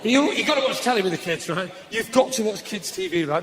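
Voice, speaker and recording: A man doing stand-up comedy, ranting and slipping into shouted voices for his bits. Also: sits high, expressive, quick pace. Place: live comedy venue with audience laughter. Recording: noisy live stage recording.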